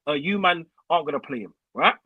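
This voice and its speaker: Bright-voiced angry young man. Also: on the high side, animated, fast, slightly rough, no echo, poor audio. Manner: swearing, heated, uses slang. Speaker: caller. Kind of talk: angry fan rant.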